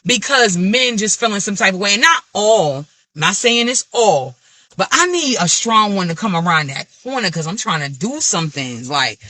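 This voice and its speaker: A vlogger speaking in an African American Vernacular English accent unloads a candid rant to camera, animated, blunt, and full of profanity. Her voice is mid-range and her pace moderate.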